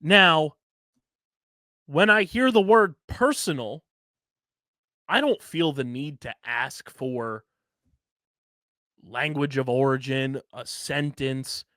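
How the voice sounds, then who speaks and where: Slow-talking Philly guy on a podcast. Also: fairly high pitch, no echo, studio quality. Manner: animated storytelling, swearing, spells words letter by letter. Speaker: podcast co-host. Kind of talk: casual podcast banter.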